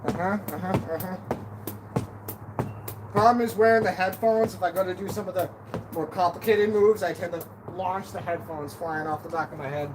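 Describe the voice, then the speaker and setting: Birds and wind can be heard behind a man on a live stream from an outdoor deck, recorded by a camera on a stand. He's chatty, joking, and self-deprecating, at times a little out of breath. His voice is high and moderately paced.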